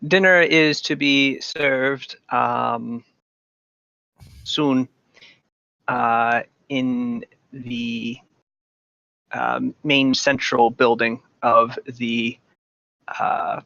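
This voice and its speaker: A man running a tabletop game with a gravelly, bright-edged voice. He narrates slowly and halts on frequent ums and uhs. The sound is dull and lo-fi, dry and close. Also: medium pitch, steady tone, no room sound. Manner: halting, with many ums and uhs. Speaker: game master.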